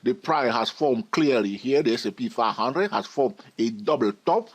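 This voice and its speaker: Husky man teaching chart trading. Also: medium pitch, animated, normal speed. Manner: emphatic, repeats key phrases. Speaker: trading educator. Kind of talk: chart analysis lesson.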